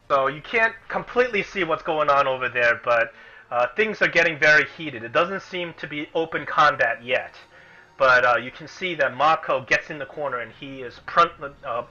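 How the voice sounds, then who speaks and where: A man narrating as game master of a tabletop game, animated and breaking into chants and shouts. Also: medium pitch. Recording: dull lo-fi recording with music.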